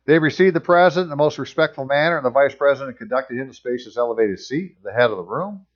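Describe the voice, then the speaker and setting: A man's voice: mid-range voice, fast, dull audio. A man reading passages aloud and commenting on them in casual, sarcastic asides as a channel host.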